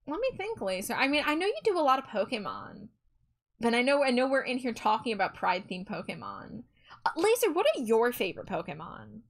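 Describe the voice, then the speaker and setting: A woman's voice: a little high, fairly bright tone. A woman hosting a live stream, chatting casually with viewers and reading their messages in a bubbly, giggly way. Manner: bubbly and giggly, reads chat aloud. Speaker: livestream host. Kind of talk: casual chat with viewers while drawing.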